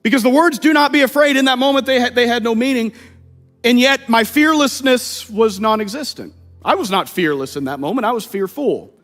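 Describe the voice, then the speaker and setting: A man in his thirties from Missouri preaching a sermon in a church, telling personal stories in a lively, humorous way. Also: very high voice. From Missouri, USA. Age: 30s. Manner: lively, humorous storytelling with playful asides. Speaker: pastor. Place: church sanctuary. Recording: long reverb of a church hall.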